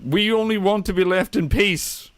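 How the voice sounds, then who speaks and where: A man's voice: sits high, moderate pace, clean tone, voice pushed up, lightly acted. A man voicing a frightened, desperate male orc shaman in a tabletop game, declaiming and pleading.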